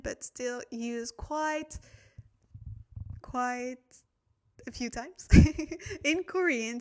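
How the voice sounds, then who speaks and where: A woman's voice: high voice, fairly bright tone. A young woman, a little tired, hosting a chatty language-study livestream, thanking viewers and laughing at her own slips. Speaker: Korean language livestream host. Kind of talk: casual livestream teaching.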